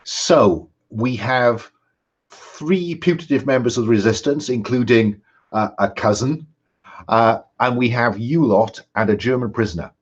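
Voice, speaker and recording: Male game master, husky, steady and hesitant narration, dull lo-fi recording. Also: medium pitch. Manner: measured, frequent ums and restarts.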